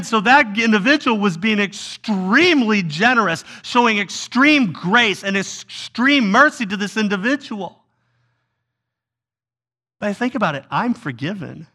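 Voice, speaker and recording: A man's voice: high-pitched, pushed and bright. A man preaching a sermon as a pastor, telling a story with feeling and acting out voices of people pleading.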